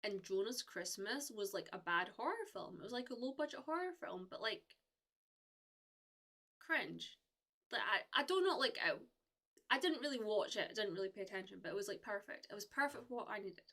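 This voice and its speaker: A woman's voice: medium pitch, animated, brisk, bright, forceful tone. A young woman from the UK chatting casually with viewers on a live stream, rambling with lots of fillers and restarts.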